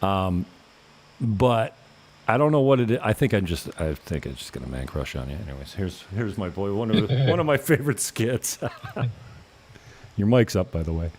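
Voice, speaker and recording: A man's voice: lowish voice, very animated, normal speed, darkish tone. A man hosting a casual podcast chat, loose and joking, with some cheerful swearing. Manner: loose, joking, profane banter. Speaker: podcast host.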